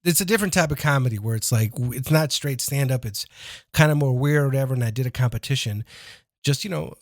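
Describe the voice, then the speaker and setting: A man's voice: mid-range voice, quick pace, no echo, clean studio sound. A man, a comedian guest on a podcast, telling rambling, profane stories and acting out his own lines in casual chat.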